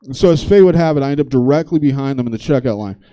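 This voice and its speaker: A man's voice: medium pitch, very fast, dark tone. A man doing stand-up comedy, telling a long story in a loose, conversational, profane way on a theater stage.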